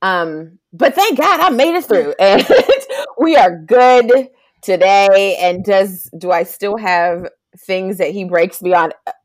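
A young woman chatting as a guest, telling a lively story and acting out quotes in a high voice. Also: takes it slowly, no room sound, studio quality. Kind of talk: casual chat.

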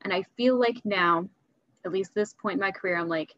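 A woman teacher talking candidly as a podcast guest, chatty and quick to laugh, often restarting her sentences. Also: medium pitch, fairly bright tone, no echo, dull audio. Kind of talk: casual interview talk.

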